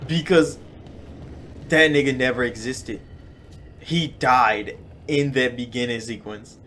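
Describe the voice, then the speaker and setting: Excited and casual, a young gaming-channel host reacts to a game in a mid-range voice, swearing liberally and lurching from loud outbursts to slow, stretched-out stresses. A little hiss or hum sits under the recording.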